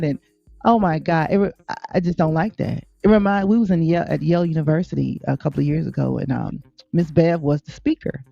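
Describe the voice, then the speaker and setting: A woman co-host talks with a gravelly edge, dry and close to the mic. She tells stories with exasperation and acts out the people she quotes. The sound is slightly dull, with faint music underneath. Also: low-pitched, lively intonation, a little fast, mellow, no room sound. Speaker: podcast co-host. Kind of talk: casual chat.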